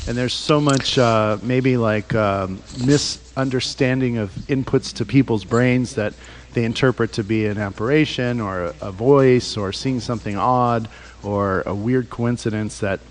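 A man's voice: mid-range voice, unhurried. A man hosting a radio show, chatting loosely in the studio, rambling and laughing as he asks questions. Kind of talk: casual studio chat.

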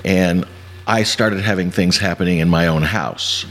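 A man's voice: low-pitched, measured pace, a bit bright. A man who is a guest on a show, recounting paranormal experiences with hesitant, stumbling restarts. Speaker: guest witness. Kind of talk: podcast interview. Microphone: shared mic.

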